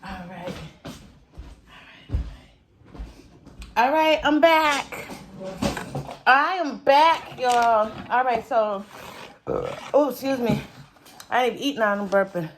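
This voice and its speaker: A woman's voice: a little high, lively intonation, slow pace, pauses often, noisy background. A woman food vlogger chatting casually to her viewers while she cooks in a home kitchen, breaking off into muttered asides as she works. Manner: chatty, talks straight to viewers. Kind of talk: casual cooking and eating vlog.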